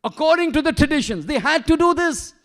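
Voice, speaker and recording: A man's voice: very high-pitched, lively intonation, fairly quick. A man giving an emphatic sermon as a shaykh in a mosque, asking rhetorical questions and weaving in Arabic terms and verses. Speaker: shaykh giving a majlis lecture.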